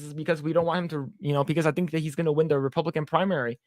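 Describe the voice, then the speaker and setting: Speaking rapid-fire in a fairly high voice with a darkish tone and fairly even intonation, a podcast co-host in his thirties rambles through stories and reads viewer comments aloud in casual chat. He swears and mimics voices in quotes, and the studio-quality audio has no room sound.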